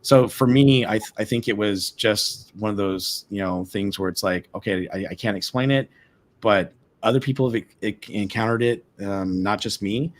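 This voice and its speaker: A man with a fairly low voice tells a story as a guest on a live stream. He gets excited, stumbles over repeated words and acts out what everyone said. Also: normal speed. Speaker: guest, former ship tour guide. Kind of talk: animated storytelling. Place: remote live stream call.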